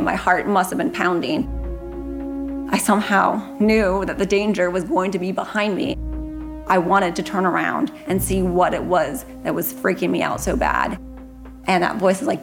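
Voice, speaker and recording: A woman's voice: medium pitch, gravelly. A woman recounting a personal story in an earnest, vivid and urgent way. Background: background music.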